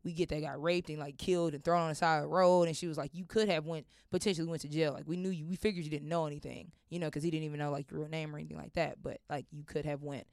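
Young woman, rapid-fire storytelling, smooth clear voice, dry close sound. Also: sits low, no room sound. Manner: animated, acts out voices, swears often. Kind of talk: casual storytelling.

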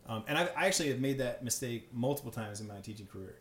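A man, a teacher and podcast guest, telling classroom stories in animated casual chat, full of "like" and restarts. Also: medium pitch. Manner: fast, animated storytelling with many fillers. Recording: echoey room.

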